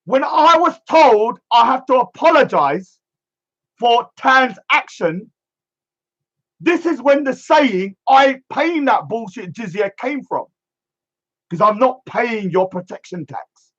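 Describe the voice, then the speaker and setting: A man's voice: extremely high pitch, lively intonation, slow, fairly bright tone, dull audio. A man delivering a scornful, emphatic rant, drumming home one catchphrase again and again. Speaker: streamer. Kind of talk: ranting monologue.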